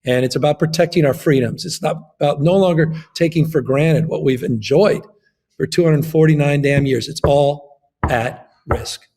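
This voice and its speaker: A man's voice: a little high, moderate pace, warm tone. A man, a governor, giving an impassioned political interview, emphatic and fond of repeating his phrases.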